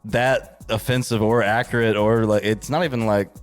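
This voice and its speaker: A man's voice: fairly low pitch, fairly even intonation, normal speed, faint music behind. A man co-hosting a comedy podcast, teasing and joking in casual chat. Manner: teasing, jokey. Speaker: podcast co-host.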